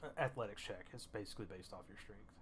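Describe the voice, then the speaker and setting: A man narrating a tabletop game as game master, rambling and halting with many fillers. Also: fairly low pitch, a bit bright, slight background noise.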